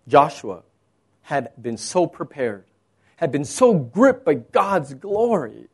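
A pastor delivers a sermon with real animation, dropping into quiet asides and then climbing back up to emphatic, raised points. His voice sits high for a man. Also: big pitch swings, a little slow, husky. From Texas.

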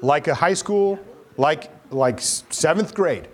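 A male pastor preaching a sermon, animated, acting out voices and asking the crowd questions. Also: on the high side, slow.

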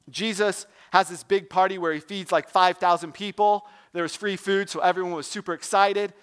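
A man's voice: high voice, fairly bright tone. A young man giving a casual, conversational sermon, often asking the listeners questions. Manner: conversational, asks the audience questions. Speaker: preacher.

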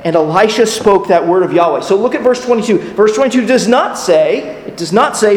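A man's voice: high voice, lively intonation, fairly quick, few pauses, a little mellow. A man preaching a sermon as a pastor, earnest in tone, putting rhetorical questions to his listeners. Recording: echoey hall with long reverb.

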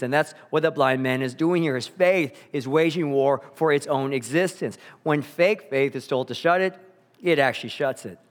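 A man preaching a sermon, earnest and emphatic, slowing down to repeat key phrases, in a church sanctuary. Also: a little high. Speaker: pastor. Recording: long hall reverb.

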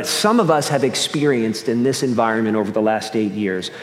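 Earnest pastor preaching in an echoey hall. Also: male voice, a little high. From Northeast US. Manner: earnest, with repeated restarts and shifting pace. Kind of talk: sermon. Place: church sanctuary. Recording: echoey hall with long reverb.

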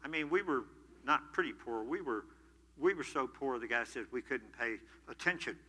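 An older man preaching a sermon, moving between loud emphatic preaching and quiet personal storytelling. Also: mid-range voice, animated, normal speed. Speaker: pastor. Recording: long hall reverb.

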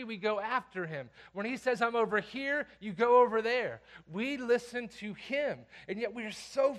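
A man preaching a sermon as pastor, reading scripture aloud and swinging between hushed, intimate passages and loud, emphatic commands. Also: extremely high pitch, expressive, moderate pace, hardly any pauses.

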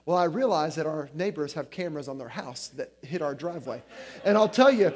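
High-voiced man preaching, chatty. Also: normal speed. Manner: conversational, many "like" fillers, animated storytelling. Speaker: guest preacher. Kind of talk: sermon.

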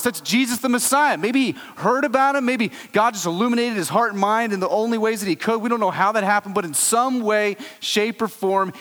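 A man preaching a sermon, telling the story with animated swings between loud exclaiming and hushed low tones. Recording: long hall reverb.

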